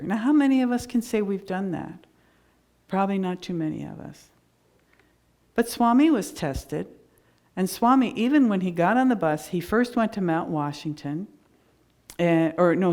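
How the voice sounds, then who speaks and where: A woman's voice: lowish voice, darkish tone. A middle-aged woman minister giving a sermon, in an earnest, conversational storytelling way with frequent restarts.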